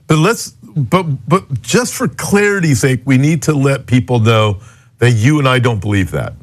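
A man's voice: medium pitch, animated, normal speed. A man co-hosting a radio ministry show as pastor, talking in an earnest, explanatory, conversational way. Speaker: pastor and co-host.

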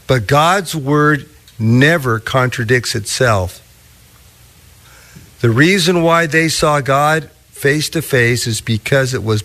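Slow, deliberate male preacher. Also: mid-range voice, fairly bright tone. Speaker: pastor. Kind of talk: sermon.

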